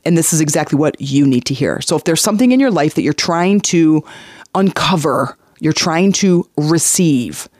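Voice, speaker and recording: On the high side in pitch, this man's voice is captured at studio quality with no echo. He's a life coach running a motivational podcast, earnestly hammering home key phrases through repetition, and he brings his stories to life by acting out voices.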